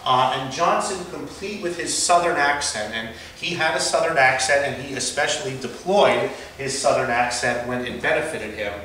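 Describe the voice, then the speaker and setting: A man's voice: mid-range voice, normal speed, few pauses, pushed and bright, slight background noise. Male teacher lecturing off the cuff with fillers; distant mic, very reverberant classroom. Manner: unscripted with frequent fillers and restarts. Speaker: history teacher. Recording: echoey room, far from mic.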